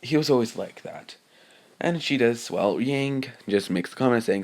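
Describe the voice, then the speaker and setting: A man's voice: medium pitch, expressive, moderate pace, creaky. A man improvising a fan-fiction story, hesitant and rambling, full of fillers and restarts, reading the characters' lines in his plain voice.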